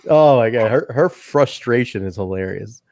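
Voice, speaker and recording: A man chatting on a wrestling review podcast, his voice swinging up and down in pitch as he retells scenes and breaks into laughter. The sound is dry and close to the mic. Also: normal speed, no room sound. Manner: animated, laughing, acts out quotes. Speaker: podcast co-host. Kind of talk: casual wrestling podcast chat.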